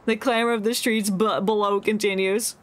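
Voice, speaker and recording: A woman's voice: medium pitch, little pitch movement, normal speed. A young woman streaming a game, reading narration aloud and chatting casually with lots of laughs.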